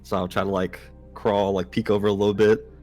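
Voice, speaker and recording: A man playing a tabletop game, breathing hard and describing his moves slowly with many fillers. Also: fairly low pitch, level tone, darkish tone, faint music behind. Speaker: player. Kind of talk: casual tabletop play.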